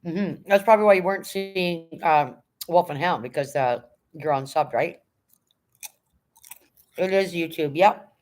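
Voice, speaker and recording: A middle-aged woman hosting a casual livestream, with a fairly low voice. She reads viewer comments aloud and greets people one by one in a chatty, unhurried way. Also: a little mellow, faint music behind. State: emotional, near tears when talking about her late dog. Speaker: livestream host reading chat.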